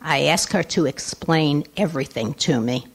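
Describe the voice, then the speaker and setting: A nasal woman reads her own personal essay to a lecture audience. Her voice sits a little low for a woman. She rushes through casual asides, then slows down for the measured reading. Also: husky. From Long Island, New York. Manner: quick conversational asides between slower, measured reading. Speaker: writer reading her work.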